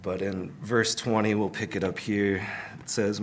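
A man giving a conversational Sunday sermon, relaxed, with many fillers and light humor. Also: fairly low pitch, measured pace, slight background noise. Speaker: preacher.

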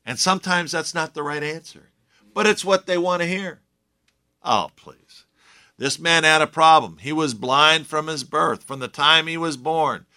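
A man's voice: a little high, unhurried, bright, forceful tone. A man preaching a sermon in a conversational way, with joking asides to his listeners. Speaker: pastor.

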